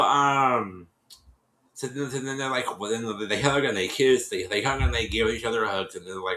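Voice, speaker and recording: A man's voice: mid-range voice, normal speed, sharp tone, reverberant, rough recording. A man casually retelling a reality-show episode to his viewers, rambling, restarting his sentences and acting out what people said. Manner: rambling, repeats and restarts, acts out quotes. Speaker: vlogger recapping a reality show.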